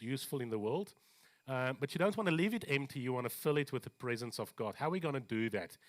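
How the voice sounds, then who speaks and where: A man preaching a sermon in a church, animated, with joking asides and slower scripture readings. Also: mid-range voice. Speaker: pastor.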